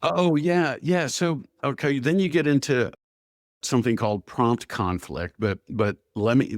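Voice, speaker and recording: Low-voiced man telling lively stories. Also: no echo, clean studio sound. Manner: animated storyteller who acts out quoted dialogue, with filler "blah, blah". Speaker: guest, AI strategy expert. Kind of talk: conversational podcast interview.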